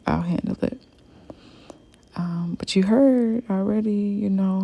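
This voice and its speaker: Young woman, low-pitched and slow, casual rambling storyteller with many fillers. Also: gravelly, warm tone. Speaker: hairstylist telling a story.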